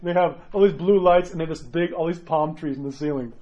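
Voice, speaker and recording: A man with a somewhat high voice preaches a sermon as an Orthodox priest. He speaks earnestly and with animation, often checking in with his listeners by asking "right?". The recording is dull and lo-fi. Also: fast. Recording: dull lo-fi sound.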